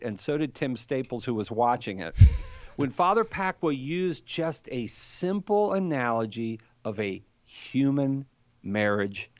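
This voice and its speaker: A man in his fifties, a podcast guest, telling a story in an animated way and chuckling as he goes. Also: mid-range voice, no echo. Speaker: guest apologist. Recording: dull, dry sound.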